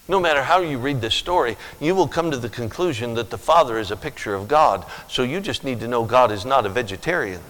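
A pastor preaching a sermon and telling stories, swinging from loud, emphatic lines to quiet asides. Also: male voice, mid-range voice, expressive, brisk, long reverb tail, low-quality recording. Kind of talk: sermon with storytelling.

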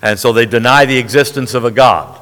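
Male preacher, bright forceful delivery, emphatic sermon style, church hall reverb. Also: mid-range voice, a little fast. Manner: emphatic, frequent "all right?" check-ins.

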